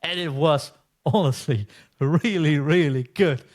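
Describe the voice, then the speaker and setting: A man's voice: fairly high pitch, measured pace. A man from the Netherlands, a Dutch native speaker, co-hosting a podcast and telling stories in casual chat, acting out quoted exchanges. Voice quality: chatty storyteller, acts out quoted exchanges. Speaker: podcast co-host.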